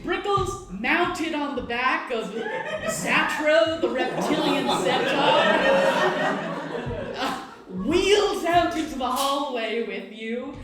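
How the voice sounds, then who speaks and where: A high-voiced woman narrating a live tabletop game as dungeon master, playful and laughing through her descriptions. She speaks unhurriedly over an echoey stage thick with room noise. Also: expressive, slow, over loud music.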